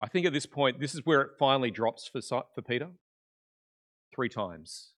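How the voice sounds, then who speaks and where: A man preaching in a conversational way, retelling a Bible story with animated energy that drops to hushed tones at key moments. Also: mid-range voice, fast. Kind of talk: conversational sermon.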